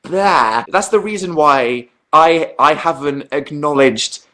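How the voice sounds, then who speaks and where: Young man, casual livestream chat, slightly high voice, rambling and self-deprecating. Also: lively intonation, unhurried, bright, forceful tone. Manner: chatty, self-deprecating, hesitant with restarts and laughs. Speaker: YouTuber answering viewer questions on a livestream.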